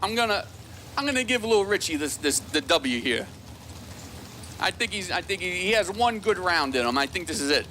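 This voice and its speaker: High bright guy calling drag races, jokey and excitable, teasing the racers. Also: moderate pace, a little hiss or hum. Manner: joking, excitable, teases racers. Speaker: drag race announcer. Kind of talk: live race commentary. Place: announcer tower at a dragstrip.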